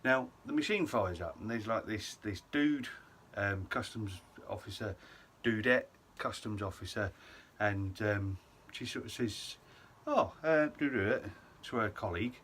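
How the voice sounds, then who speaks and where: A man's voice: on the low side, lively intonation, a little slow, hardly any pauses, fairly bright tone, slight background noise. A young man casually telling a self-mocking story to camera, full of ums and asides. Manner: chatty, self-mocking, lots of ums and et ceteras. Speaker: vlogger.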